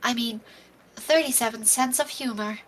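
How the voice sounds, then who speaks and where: A woman voicing a deadpan young woman who speaks in a low, chill monotone. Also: far from the mic. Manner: low, flat, unhurried.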